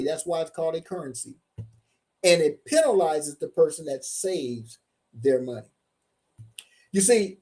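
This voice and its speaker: A man's voice: high-pitched, warm tone. Emphatic man coaching on taxes. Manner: emphatic, repeats key points slowly, questions the audience. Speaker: tax coach. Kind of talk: motivational seminar presentation.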